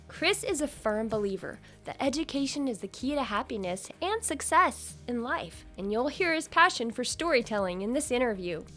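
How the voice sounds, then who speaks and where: Podcast host, woman, fairly high voice, enthusiastic and upbeat, quick to laugh. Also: a bit bright. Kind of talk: podcast interview.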